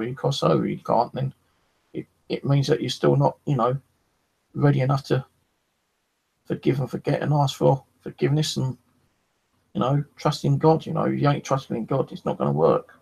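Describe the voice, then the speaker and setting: A paranormal investigator with a medium-pitched, gravelly, slightly mellow and breathy voice tells his experiences at a normal speed over a rough recording. His casual storytelling rambles, with free swearing and gaps filled by "you know."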